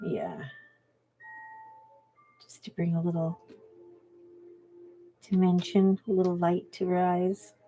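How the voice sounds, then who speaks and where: A woman's voice: lowish voice, fairly even intonation, slow pace, pauses often, mellow, faint music behind. A middle-aged woman hosting a coloring channel, chatting and telling a family story with laughs while she colors. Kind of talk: casual chat while coloring.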